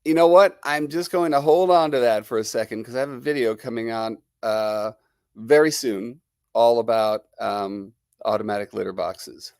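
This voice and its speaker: Nursing a cold, a middle-aged New Jersey guy rambles chattily on his livestream and greets viewers. His mid-range voice is clear, resonant and darkish at normal speed, with a dry, close sound and no echo.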